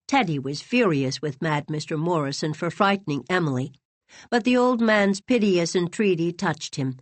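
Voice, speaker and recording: A woman's fairly low voice narrates a novel with drama and expression. The recording is close and dry, with no room sound. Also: no room sound. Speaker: audiobook narrator. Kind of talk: scripted narration.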